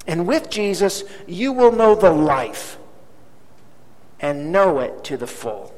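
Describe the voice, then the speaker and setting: Animated high-voiced preacher in a hall. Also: male voice, slow pace. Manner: dramatic, emphatic repetition. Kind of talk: sermon with storytelling. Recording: long hall reverb.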